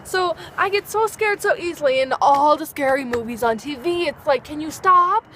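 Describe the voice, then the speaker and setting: A woman's voice: sits high, expressive, normal speed, pushed and bright, a little hiss or hum. A teenage girl vlogging outdoors at dusk, chatting in a bubbly, rambling way and acting out little dialogues. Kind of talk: casual chat to camera.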